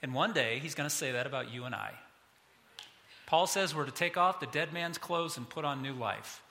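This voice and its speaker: Middle aged pastor guy preaching, fairly high voice, gets all animated, big reverby church hall. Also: normal speed, creaky. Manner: animated, voice rising high when excited. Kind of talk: sermon.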